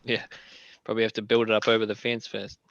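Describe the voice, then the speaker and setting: A man's voice: lowish voice, level tone, fast, a bit bright. A man joking wryly in a casual livestream chat. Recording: dull lo-fi mic audio.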